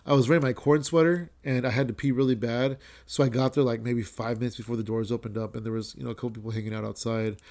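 Comedian host, male, 30s, casual rambling storyteller, mid-pitched voice, gets loud and excited. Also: quick pace, hardly any pauses. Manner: animated, swears often, rising excitement when retelling.

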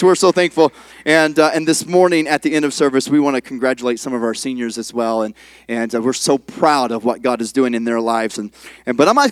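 A male pastor preaching in a folksy, halting manner, doubling back on his words and leaning on fillers as he goes. His voice sits a little high for a man. The sound is dry and close, with no room echo. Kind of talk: sermon with a told joke. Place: church sanctuary.

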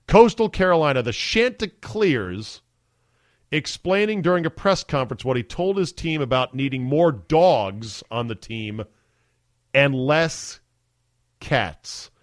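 Male podcast host, easygoing chatter, middle pitch, dry close mic. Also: animated, slow, no room sound. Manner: chatty, easily amused, filler-heavy. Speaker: sports radio podcast host. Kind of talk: casual podcast chat.

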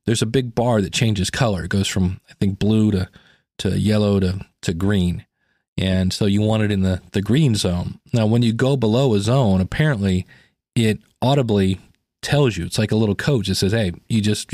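A man's voice: fairly low pitch, darkish tone, no room sound, studio quality. A man hosting a podcast, talking through a gadget review in a casual, chatty way with fillers and restarts. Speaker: podcast host.

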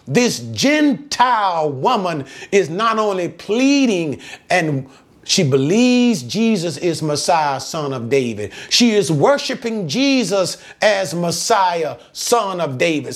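A man preaching a sermon, teaching emphatically, repeating key phrases and asking his listeners rhetorical questions. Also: sits high.

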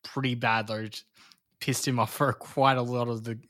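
A man of middle pitch hosts a podcast and talks about games. He speaks haltingly, often restarting his sentences. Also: little pitch movement, fairly bright tone. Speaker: podcast host. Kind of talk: casual chat about video games.

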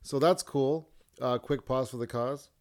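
A man's voice: mid-range voice, fairly even intonation, unhurried, noisy background. Rambling male podcast host. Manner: rambling, loses his place, acts out quotes. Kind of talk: casual wrestling recap.

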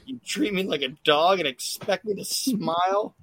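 A man's voice: sits high, moderate pace, fairly bright tone, a little hiss or hum, voice pushed up. A man voicing a sulky, bratty young boy who whines his complaints in a raised voice.

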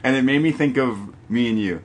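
A young man co-hosting a casual wrestling podcast, telling the match story with lively quick impressions. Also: mid-range voice. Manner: animated storytelling with quick impressions, laughs often. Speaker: podcast co-host. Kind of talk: casual chat recapping wrestling.

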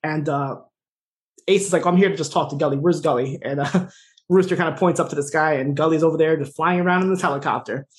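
In a casual chat, a podcast co-host retells what happened at a quick clip, his fairly high male voice animated, sprinkled with laughs and filler words.

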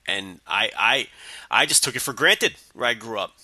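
A man with a very bright, forceful voice, speaking in casual podcast chat. He stammers and repeats words often. The sound is dry and close, with no room echo. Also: lowish voice, animated, moderate pace. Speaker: podcast co-host.

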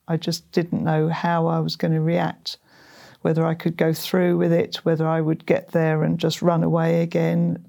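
A middle-aged woman, earnestly telling her faith testimony in an interview, halting with ums and repeated words. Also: fairly low pitch, gravelly, mellow. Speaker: guest sharing a testimony.

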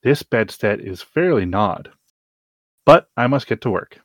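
A man hosting a podcast, giving a dramatic reading of a classic story with slow, deliberate delivery and sudden emphatic rises. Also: fairly low pitch, lively intonation, no room sound, studio quality. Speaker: podcast host reading aloud.

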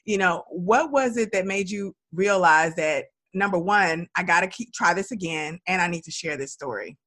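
Woman podcast host, lower voice, encouraging, asks long questions. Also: moderate pace, a bit bright. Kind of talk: interview conversation.

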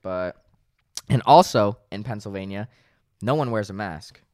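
A man's voice: lowish voice, unhurried, no echo, studio quality. A young man co-hosting a podcast, telling a story in casual chat, acting out the people in it. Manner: animated storytelling, acts out quoted people. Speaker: podcast co-host.

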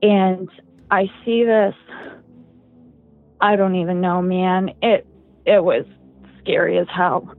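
A woman's voice: on the low side, steady tone, takes it slowly, pauses often, no room sound. A young woman telling a personal story as a podcast guest, rambling with lots of "like" and "um". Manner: rambling, heavy use of "like" and "um". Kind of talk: casual podcast chat. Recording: tinny phone-like dry sound.

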